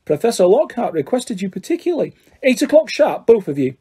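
A man's voice: high voice, sing-song, a little fast, warm tone, husky, pitched above the performer's own voice, exaggerated voice. A man voicing a strict older female professor with clipped, firm speech. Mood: stern.

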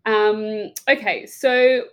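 A woman's voice: mid-range voice, fairly even intonation, drawn-out words. A woman hosting a podcast, reacting with feeling and encouraging her guest in casual chat. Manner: warm, encouraging, reacts emotionally. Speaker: podcast host and mental health first aid trainer.

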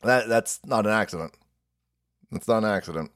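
A man hosting a political live stream, ranting in profane, mocking commentary that swings between shouts and low mutters. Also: moderate pace.

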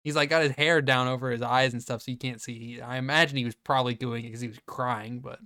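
A man hosting a podcast, retelling a movie scene by scene in a casual, profane and animated way. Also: medium pitch, quick pace. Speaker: podcast host. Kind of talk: casual movie review chat.

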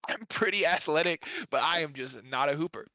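A man's voice: fairly high pitch, a little fast, pushed and bright, no room sound. A young man telling stories in casual chat with friends, rambling with lots of "like" fillers and laughing as he goes. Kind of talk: casual storytelling among friends.

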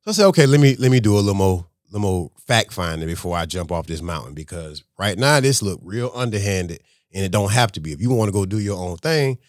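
A man, a restaurant owner and podcast guest, telling a story in a casual, animated way and acting out conversations. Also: sits low, fast talker, few pauses, no room sound, clean studio sound.

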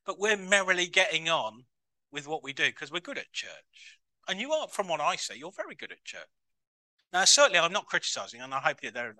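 Animated male preacher, bright voice. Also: high voice, no echo. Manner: chatty, self-mocking, jumps into excited voices for others. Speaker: minister. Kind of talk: sermon. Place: church.

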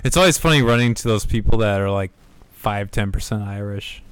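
A man's voice: on the low side, brisk, clean tone, no room sound. A man hosting a podcast, easygoing and swearing casually. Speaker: podcast host.

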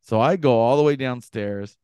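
A young man co-hosting a podcast, telling a story casually and acting out the other people's voices with big jumps in pitch. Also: moderate pace, clean tone, dry recording. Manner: animated, acts out quoted voices with pitch jumps. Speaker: podcast co-host.

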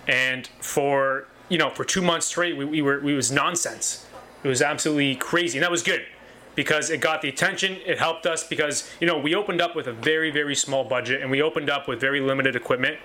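A man with a slightly raised, bright and forceful voice pitches his butcher shop with eager enthusiasm. He stacks up repeated phrases and stumbles into restarts as he talks. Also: fairly quick. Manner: enthusiastic, repetitive, many restarts. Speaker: butcher shop owner, guest. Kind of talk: casual interview talk.

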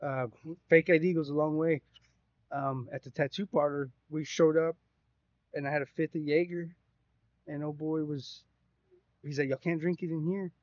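A man's voice: fairly high pitch, moderate pace, pauses often, no echo. A man casually telling a rambling, profane story on a podcast. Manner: profane, rambling, animated retelling. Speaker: podcast co-host. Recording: dry, slightly dull sound.

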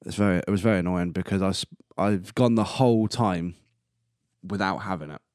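A man's voice: low-pitched, a little fast, a little mellow, clear, resonant tone, no room sound, clean studio sound. A man in his early twenties hosting a solo podcast in casual, rambling talk, laughing at his own jokes and coughing now and then. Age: 20s. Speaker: podcast host. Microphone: close podcast mic.

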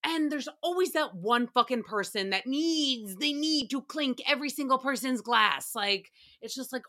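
A woman's voice: sits high, lively intonation, normal speed, hardly any pauses, sharp tone. A woman hosting a casual solo recap podcast, chatty and sarcastic, often laughing and swearing. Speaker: podcast host.

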